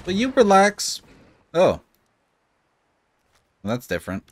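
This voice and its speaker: A man's voice: fairly low pitch, sing-song, a little slow, pauses often, no echo, studio quality. A young man casually commenting on a game he plays, joking and laughing at himself. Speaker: gaming YouTuber.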